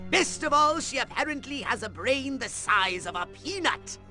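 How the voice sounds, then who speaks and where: A man's voice: very high voice, animated, moderate pace, music in the background. A man voicing a scheming, condescending alien commander in video game dialogue. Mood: bossy. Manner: commanding, sneering.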